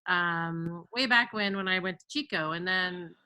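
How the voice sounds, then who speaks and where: A woman's voice: lowish voice, measured pace, sharp tone, clear, resonant tone, no echo. A young woman interviewing a teacher in a casual chat, reacting with short remarks and laughing along. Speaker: interviewer, school leadership student.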